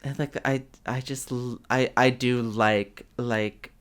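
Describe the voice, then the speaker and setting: Smooth-voiced woman, hesitant and rambling. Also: a bass voice, fairly even intonation, slow. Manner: hesitant, rambling, many fillers and restarts. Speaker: podcast co-host. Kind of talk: casual chat.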